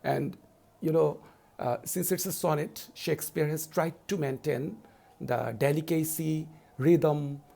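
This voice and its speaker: Middle-aged male lecturer, slightly high, gravelly voice, measured teaching delivery. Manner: slow deliberate explaining, loud stressed verse recitation. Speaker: university English lecturer. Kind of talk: recorded online lecture.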